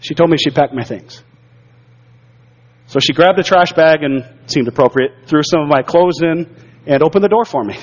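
Male pastor, higher register, earnest testimony-style preaching, dull lo-fi recording. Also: moderate pace, in a large hall. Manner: earnest storytelling, repeats words when stirred. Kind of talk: sermon with personal testimony. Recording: dull lo-fi sound.

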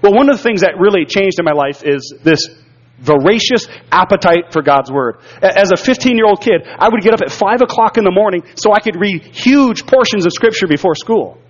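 A man's voice: high-pitched, expressive, fairly quick, big-room sound. A man preaching a sermon, telling his own life story earnestly and often repeating words as he gets stirred up. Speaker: pastor. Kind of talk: sermon with personal testimony. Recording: dull lo-fi sound.

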